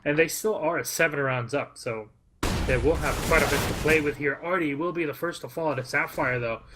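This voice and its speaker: A man's voice: fairly high pitch, fairly quick, over music. A man commentating a live esports match, chatting casually with many fillers between calls.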